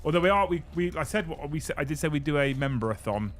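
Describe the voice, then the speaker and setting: A young British man hosting a live stream, excitable and swearing casually as he runs giveaways. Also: on the high side, fast. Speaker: livestream host.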